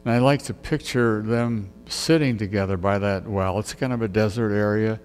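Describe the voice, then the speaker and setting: A man's voice: on the low side, normal speed, darkish tone, in a large hall, slight background noise. A man preaching a conversational sermon, musing aloud as he retells a story.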